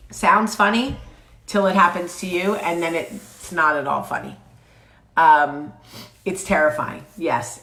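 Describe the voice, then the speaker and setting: A woman's voice: low-pitched, a bit bright. A woman with a cold, chatting casually and bluntly to camera in her vlog, swearing freely. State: sick with a cold. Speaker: vlog host. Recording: roomy echo.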